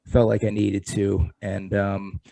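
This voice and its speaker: A man hosting a casual interview podcast, talking haltingly and repeating words. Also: on the low side, level tone, gravelly, mellow, rough recording. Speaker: podcast host.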